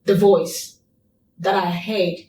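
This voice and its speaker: A woman's voice: on the low side, little pitch movement, slow pace, mellow, a little hiss or hum. A woman guest in an interview, telling a personal story in a repetitive, emphatic way. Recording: echoey room, distant mic.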